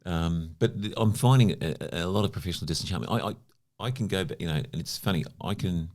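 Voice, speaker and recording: Man in his fifties, from New Zealand, extremely low voice, chatty anecdotal guest, casual storytelling. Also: fast, darkish tone. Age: 50s. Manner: chatty anecdotal, lots of "you know" fillers. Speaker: podcast guest.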